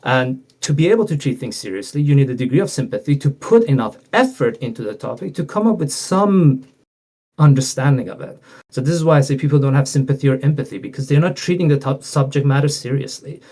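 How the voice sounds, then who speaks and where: A man's voice: medium pitch, animated, quick pace, a little mellow. A man, a guest on a talk show, explaining political debate in a lecturing, conversational way. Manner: explanatory, lecturing, acts out quoted speakers.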